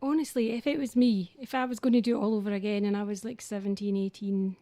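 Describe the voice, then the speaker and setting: A woman's voice: medium pitch, level tone, quick pace, warm tone, no echo. A Scottish woman, a singer and entertainer, chatting as a guest on a radio interview, laughing often and poking fun at herself.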